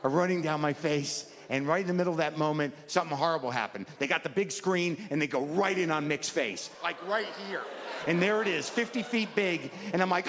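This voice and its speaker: A man in his sixties doing a stand-up routine, neurotic and self-deprecating, jumping into high mocking voices. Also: a little fast, noisy background. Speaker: stand-up comedian. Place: large comedy venue with live audience. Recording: roomy stage recording with crowd laughter.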